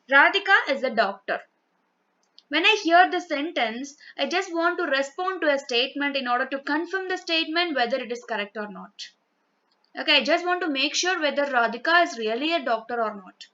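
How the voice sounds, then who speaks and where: A woman's voice: sits high, pushed and bright. A woman teaching a grammar lesson, explaining step by step with frequent "okay" and spelled-out examples. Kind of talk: English grammar lecture. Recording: dull lo-fi sound.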